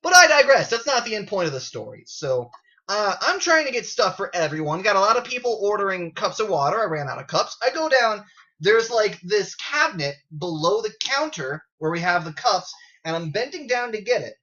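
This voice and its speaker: A man's voice: high-pitched, sing-song, a little fast, sharp tone, highs cut off. A man telling an unscripted story in a casual, sarcastic way, swearing freely, recorded on a built-in camera mic. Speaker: gaming video creator.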